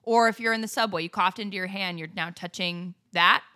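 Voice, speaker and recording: A woman co-hosting a podcast in casual chat, ranting animatedly with quick laughs. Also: mid-range voice, bright, forceful tone. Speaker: podcast co-host.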